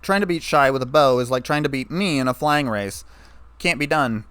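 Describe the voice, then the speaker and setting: A man's voice: medium pitch, lively intonation, moderate pace, fairly bright tone, clean tone, no echo, close to an everyday voice. A man reading a story aloud, voicing a brash, teasing tomboyish female pegasus. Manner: teasing, boastful.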